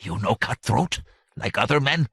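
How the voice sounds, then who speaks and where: A man voicing a small, timid male satyr who speaks gently in broken, halting words. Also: mid-range voice, lively intonation, vocal fry, husky, dry recording, clean studio sound, voice pushed up, heavily acted.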